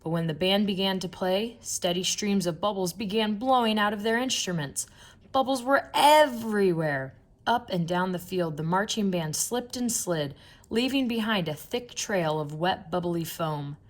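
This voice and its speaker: A woman's voice: medium pitch, moderate pace. Playful woman reading a kids' book. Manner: playful, expressive storytelling. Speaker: narrator. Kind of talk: children's audiobook reading.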